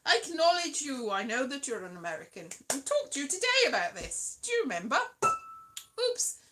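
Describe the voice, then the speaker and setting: A woman's voice: high voice, big pitch swings, a little fast, very noisy. A young woman vlogging in a rambling, giggly, self-mocking way, dropping to mutters and jumping to squeals. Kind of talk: rambling casual vlog chat.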